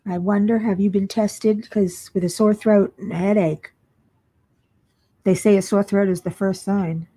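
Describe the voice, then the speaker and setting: A woman's voice: medium pitch, fairly even intonation, a little slow, dark tone. A tired woman hosting a casual crafting livestream, chatting and reading viewer comments aloud as she works. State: tired, yawning. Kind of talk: casual live chat with viewers.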